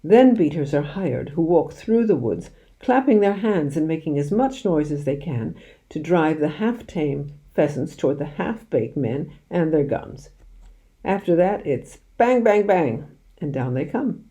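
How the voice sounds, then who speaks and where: A woman reading aloud, voicing a lively, mischievous village father who loves poaching and shares his secrets. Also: low voice, measured pace. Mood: scornful. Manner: animated, conspiratorial, drops to hushed secrecy.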